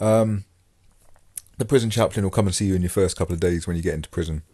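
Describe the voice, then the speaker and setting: A man hosts a podcast and talks casually about his years in prison, rambling along with lots of fillers and false starts. His voice is low and dark, he speaks quickly, and the studio-quality recording has no echo.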